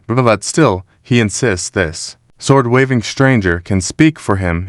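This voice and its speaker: Mocking male narrator, low dry voice. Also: no room sound. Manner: mocking, dramatic recap. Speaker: commentator. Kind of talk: scripted narration.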